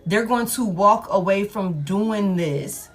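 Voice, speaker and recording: Blunt, animated woman reading tarot. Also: medium pitch, slow, faint music behind. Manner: blunt, profane, animated, laughs often. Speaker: tarot reader.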